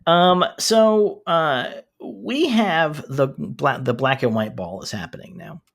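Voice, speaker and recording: A man co-hosting a casual show chat, animated and laughing often as he recaps scenes. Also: on the high side, takes it slowly, gravelly. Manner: animated, laughing, quoting characters in asides. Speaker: podcast co-host.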